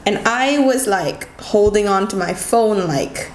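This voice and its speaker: A woman telling a personal story in a casual vlog, talking quickly and animatedly with lots of "like" fillers. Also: medium pitch, animated. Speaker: vlogger. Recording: echoey room with faint ambient noise.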